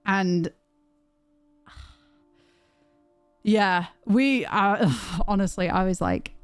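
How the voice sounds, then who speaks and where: A woman's voice: medium pitch, extremely slow, long pauses, clear, resonant tone, no echo, soft background music. A young woman streaming from home, chatting casually with viewers, swearing and reading their messages aloud. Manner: animated, swearing, reads chat aloud. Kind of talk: casual livestream chat.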